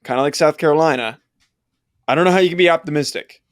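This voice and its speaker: A man co-hosts a sports podcast in casual, blunt chat, firing his opinions off in quick bursts. His voice sits a little high, and the sound is dry and close to the mic. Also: no echo. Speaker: podcast co-host.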